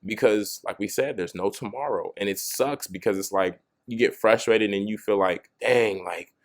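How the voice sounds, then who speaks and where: A young adult man hosts a motivational video, talking straight to camera in a loose, casual style at normal speed with a voice on the low side. He keeps circling back with "you know what I'm saying" and restarts lines as he thinks aloud.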